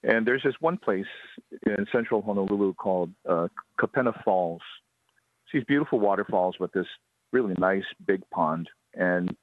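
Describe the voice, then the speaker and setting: A man, a ghost tour guide telling a ghost story on a radio interview in a steady, unhurried way. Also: on the low side, no echo. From Hawaii. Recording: dry, tinny phone line.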